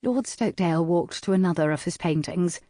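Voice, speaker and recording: A man narrating a historical romance audiobook in a measured, even reading. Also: high-pitched, dry recording, studio quality. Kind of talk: scripted narration.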